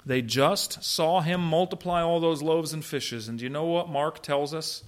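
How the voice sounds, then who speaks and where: A man preaching a sermon, emphatic, with rhetorical questions and dry humor. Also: on the high side. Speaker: pastor.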